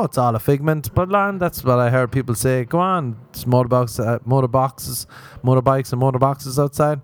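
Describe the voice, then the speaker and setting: A man hosting a solo comedy podcast, rambling crudely and mocking himself, often jumping into high-pitched exclamations. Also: moderate pace. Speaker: podcast host.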